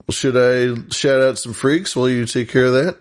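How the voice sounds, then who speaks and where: A podcast co-host jokes around on a casual show and reads out thanks and shout-outs to listeners. His mid-range voice has fairly even intonation at a normal speed.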